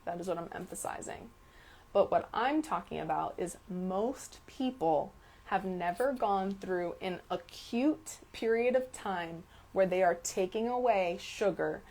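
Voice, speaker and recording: A woman's voice: mid-range voice, a little mellow. A woman hosting a live stream Q&A as a health coach. She talks with emphasis, repeats key words and often checks in with "okay?". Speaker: detox health coach answering viewer questions.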